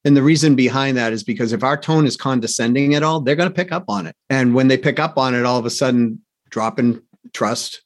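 A male sales coach being interviewed, with a voice of ordinary middle pitch. He tells stories in a rambling, energetic way. He restarts his sentences often and keeps checking in with "right?". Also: a little fast, hardly any pauses. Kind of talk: conversational interview storytelling.

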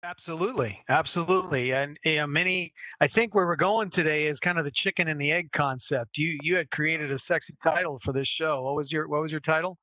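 A man's voice: fairly high pitch, brisk, hardly any pauses, pushed and bright, no echo, dull audio. A man speaking as a health strategist guest on a podcast, emphatic and persuasive. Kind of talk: podcast interview talk.

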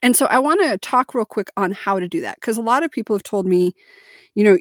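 A woman's voice: mid-range voice, animated, brisk, no room sound, studio quality. Blunt, confident woman podcaster. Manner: blunt, confident, swears freely. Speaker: podcast co-host. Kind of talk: casual podcast chat.

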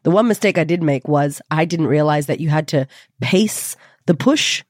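A woman hosting a podcast, telling a personal story in a candid, lively way and swearing freely. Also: sits low, moderate pace, no echo, clean studio sound. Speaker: podcast host.

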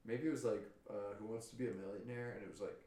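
A man's voice: lowish voice, steady tone, fast, dark tone. A man rambling and riffing through silly bits in casual comedy podcast banter, often giggling. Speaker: comedian guest. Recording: roomy echo, distant mic, faint hiss.

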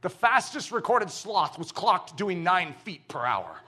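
A man in his thirties or forties preaching a sermon in an animated, playful and emphatic way. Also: high voice, unhurried.

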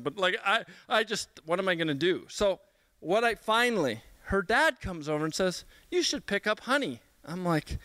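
Young male speaker, bright crisp voice, dry close sound, animated storyteller. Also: high-pitched, moderate pace, no room sound. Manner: animated storyteller, self-mocking, many restarts. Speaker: speaker at a church gathering. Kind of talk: humorous personal story in a sermon.

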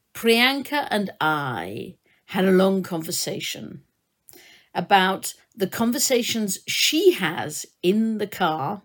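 A woman hosting a podcast interview, her voice hoarse and gruff, talking in a chatty way with asides. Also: lowish voice. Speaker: podcast host.

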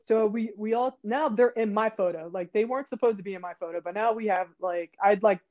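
A woman's voice: brisk, phone-quality sound. A woman telling a story in casual chat, acting out what people said with big jumps in her voice. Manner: animated, acts out quotes with jumps in pitch. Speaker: guest.

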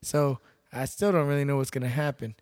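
A young Texan, a bouncer and MMA fighter, tells stories as a guest in a casual podcast chat, blunt and laid-back and swearing freely. His medium-pitched voice is brisk and darkish, with fairly even intonation. The audio is studio quality with no room sound.

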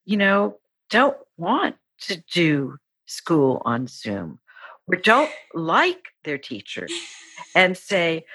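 A woman's voice: fairly low pitch, wildly swooping pitch, drawn-out words, slightly rough, dry recording. A middle-aged woman, a psychologist and author, talking earnestly as a podcast guest. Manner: warm, earnest, acts out quoted voices. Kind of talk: podcast interview.

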